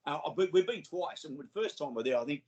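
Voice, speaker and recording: A man's voice: fairly high pitch, lively intonation, fast talker, dull audio, crowd noise. An Australian man, a guest on an interview show, telling enthusiastic, rambling stories with many restarts. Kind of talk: casual interview storytelling.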